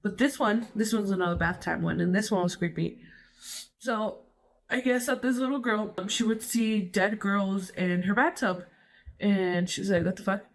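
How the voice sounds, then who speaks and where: A woman's voice: medium pitch, fairly even intonation, normal speed. A woman host telling ghost stories in a rambling casual chat, switching between English and Spanish and saying "like" a lot. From Colorado, United States. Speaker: podcast host.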